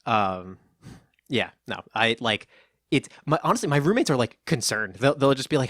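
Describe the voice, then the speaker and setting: A young man talks in a laid-back, offhand way, swearing freely and restarting his sentences. His voice sits at a medium pitch. The recording is dry and close to the mic. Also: animated, normal speed, a bit bright, no echo. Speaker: podcast co-host. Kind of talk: casual chat.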